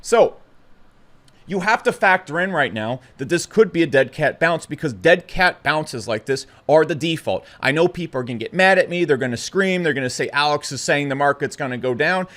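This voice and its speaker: A young man talking bluntly and excitably to camera about the markets, stumbling over his words. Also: a little high, normal speed. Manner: blunt, brash and excitable, with stutters and restarts. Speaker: crypto commentator. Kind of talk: casual opinionated talk to camera.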